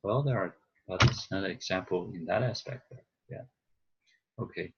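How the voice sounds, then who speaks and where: A man whose first language is Chinese, teaching a class over a video call and explaining slowly with frequent pauses and fillers. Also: low voice, highs cut off, very noisy. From China. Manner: slow, hesitant, thinking aloud with fillers. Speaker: instructor.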